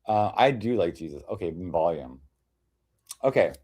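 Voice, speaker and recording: A man's voice: sits low, expressive, moderate pace, heavy background noise. A man hosting a livestream presentation, rambling and sarcastic, full of restarts and asides. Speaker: livestream panel host. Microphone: desk microphone on a stream.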